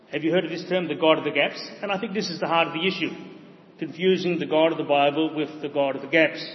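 A man preaching a sermon, with a voice pitched a little higher than most men's. He explains his points in a measured, steady way and pauses often with "uh". The sound is a bit dull and rings with a long hall echo.

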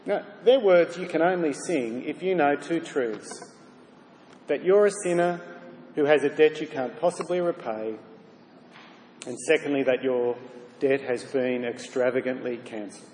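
Guy giving a sermon, kinda high voice, long echo in a big hall, faint room hum. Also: measured pace, darkish tone. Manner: earnest, direct address with rhetorical questions. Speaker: preacher. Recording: reverberant hall, faint ambience.

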